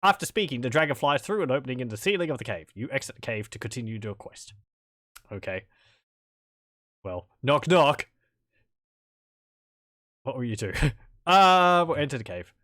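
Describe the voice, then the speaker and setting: A man's voice: mid-range voice, very animated, moderate pace, long pauses, fairly bright tone, no echo, clean studio sound. A man casually commenting on a game as he plays, with wry, rambling asides and chuckles. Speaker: let's play commentator.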